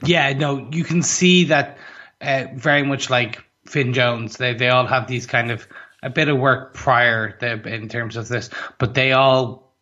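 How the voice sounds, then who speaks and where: A man with a bright, forceful voice chats in an animated way on a podcast. His audio sounds dull and lo-fi, and his voice sits in a middle pitch range. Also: unhurried. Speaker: podcast co-host. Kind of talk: casual review chat.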